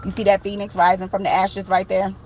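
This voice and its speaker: A woman giving a casual tarot reading, animated and slangy, swearing and laughing often. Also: mid-range voice, a little fast, a little hiss or hum, poor audio. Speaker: tarot reader.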